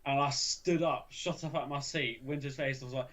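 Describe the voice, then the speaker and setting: A young man co-hosting a casual chat, telling stories in a loose, rambling way. He swears freely and often restarts his sentences, at an ordinary middle pitch. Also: fairly even intonation, brisk, fairly bright tone. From England. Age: young adult. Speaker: podcast co-host.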